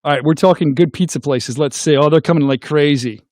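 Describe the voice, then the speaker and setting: Fast, high-voiced goofy male host. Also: dry recording, studio quality. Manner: goofy, excitable, makes silly sound effects. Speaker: host of a call-in livestream show. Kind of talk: casual call-in chat.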